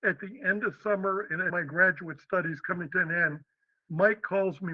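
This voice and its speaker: A man's voice: sits high, moderate pace, dry recording, lo-fi sound. An older man from Western Pennsylvania, a podcast guest telling stories and acting out the voices in them. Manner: animated, acts out quotes. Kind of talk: storytelling interview.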